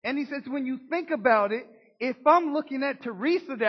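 A man preaching a sermon as pastor, folksy and emphatic, calling out to his congregation and building to loud bursts. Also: extremely high pitch, lively intonation, normal speed, breathy edge, muffled recording.

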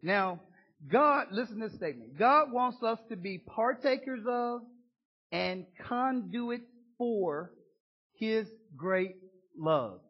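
High-voiced husky preaching man. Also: big pitch swings, a little slow, muffled recording. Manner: folksy, call-and-response preaching with rising emphatic bursts. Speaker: pastor. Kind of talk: sermon.

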